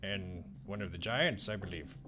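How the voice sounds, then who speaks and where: A man's voice: sits low, moderate pace, sharp tone, a little hiss or hum, pitched below the performer's own voice. A man voicing a suspicious, formal palace honor guard captain with a thick accent.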